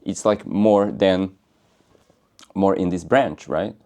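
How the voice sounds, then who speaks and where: Man, low-pitched, playful, rambling spiritual talk, laughs easily. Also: slow pace, darkish tone. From United States. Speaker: spiritual speaker. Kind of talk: casual talk.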